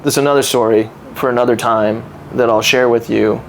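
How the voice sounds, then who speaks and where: A man's voice: medium pitch, brisk, gravelly. Guy in his 30s telling his story on a podcast, candid and earnest, slight hum in the background. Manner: earnest, candid and reflective, with animated retellings. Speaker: podcast guest. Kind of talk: casual interview storytelling.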